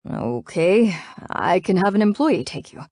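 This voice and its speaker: A woman's voice: medium pitch, very animated, unhurried, mellow, dry recording, studio quality. A woman voicing a worried, helpful young man who coaxes and reassures in a romance audiobook. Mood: coaxing, urgent.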